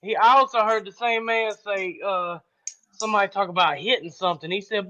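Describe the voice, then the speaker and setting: A man's voice: high voice, brisk, pushed and bright, highs cut off, a little hiss or hum. A man telling laid-back stories and folksy sayings on a casual podcast. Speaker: podcast co-host. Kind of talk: casual chat.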